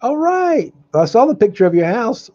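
Earnest man, dark dull webcam sound. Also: very high voice, big pitch swings. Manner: earnest, openly angry, halting with restarts. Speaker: host of a daily live meditation stream. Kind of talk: live-streamed spiritual talk.

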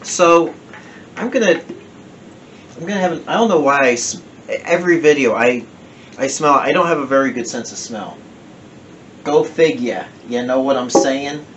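A man's voice: medium pitch, animated, moderate pace, long pauses, a bit bright, slight background noise. A man with a New Jersey accent chatting casually through a home whiskey review, rambling and correcting himself as he goes. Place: home den.

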